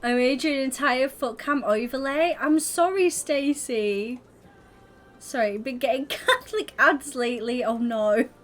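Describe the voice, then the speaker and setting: A young woman streaming live, chatting casually with her viewers and constantly breaking into giggles. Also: a little high. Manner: giggly, keeps breaking into laughter.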